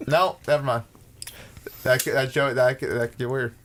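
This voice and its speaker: A man holds forth in a casual podcast chat with friends, steering the talk toward crude jokes. His voice sits at an ordinary middle pitch, and he often talks over whoever else is speaking. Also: fairly even intonation, moderate pace, fairly bright tone, slight background noise. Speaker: podcast co-host.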